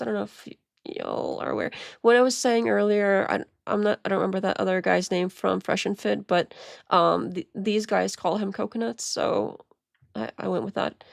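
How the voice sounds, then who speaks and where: Gravelly-voiced woman streaming casually. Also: mid-range voice, no echo, studio quality. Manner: rambling, stammering restarts, quiet muttered asides. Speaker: streamer reacting to videos. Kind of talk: casual live-stream commentary.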